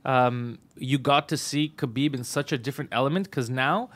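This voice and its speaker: A man's voice: moderate pace, fairly bright tone. A middle-aged man co-hosting a comedy podcast, chatting casually and jumping into mock voices. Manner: joking, jumps into mock voices with big pitch leaps. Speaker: podcast co-host.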